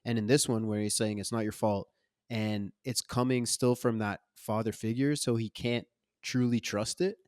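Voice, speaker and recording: A man talking about a movie in relaxed podcast chat, his voice a little low and his manner lively and loose. The sound is dry and close, with no room echo. He uses plenty of slang and repeats himself as he gets excited. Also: moderate pace. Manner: animated, loose, casual with slang. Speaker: podcast co-host. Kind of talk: casual film discussion.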